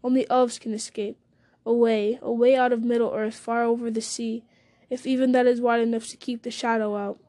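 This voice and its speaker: A woman reading the part of a weary, frightened young male hobbit with an anguished, halting delivery. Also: fairly high pitch, level tone, warm tone, lightly acted. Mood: despairing.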